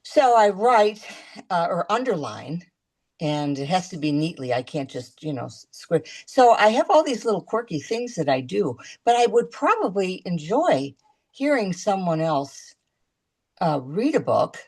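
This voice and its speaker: A woman talking as a guest in a casual video-call chat, chatty and halting, restarting her sentences often. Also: on the low side, very animated, darkish tone.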